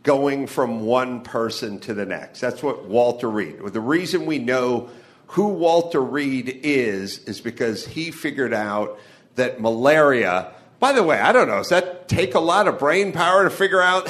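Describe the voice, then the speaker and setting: A man's voice: medium pitch, animated, measured pace, a bit bright. A man from the Los Angeles area performing a stand-up comedy monologue live on stage, ranting with profanity and wry asides.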